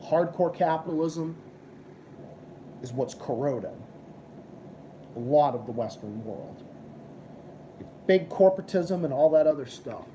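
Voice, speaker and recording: A man's voice: mid-range voice, unhurried, long pauses, dark tone, a little hiss or hum. A young man hosting a live stream, ranting and swearing as he chats with viewers. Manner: profane, ranting, combative. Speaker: livestream host. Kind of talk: casual live-stream chat.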